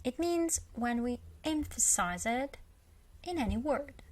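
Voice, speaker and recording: A woman's voice: on the high side, a bit bright. A woman with a Russian accent teaching a beginner language lesson, patiently repeating example words with emphasis.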